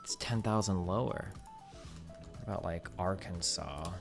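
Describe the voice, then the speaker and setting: Male streamer, low fried voice, reads and picks apart an article, faint music under. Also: measured pace, vocal fry. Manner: thinks aloud, questioning, many "like"s. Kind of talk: livestream commentary, reading an article aloud.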